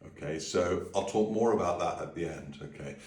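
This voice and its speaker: A man leading a friendly singing and language lesson, breaking into high sung phrases to demonstrate. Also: moderate pace, a little mellow, roomy sound, far from the mic. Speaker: music teacher.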